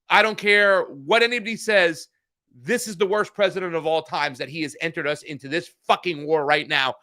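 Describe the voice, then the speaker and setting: A high, bright, forceful male voice belongs to a political news podcast co-host. His casual chat is heated and profane, and he often restarts his sentences.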